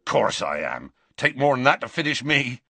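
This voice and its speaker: A man voicing a gruff, kindly half-giant groundskeeper who talks in rough country speech with dropped letters, in a storybook reading. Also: mid-range voice, big pitch swings, normal speed, bright, forceful tone, no room sound, heavily acted.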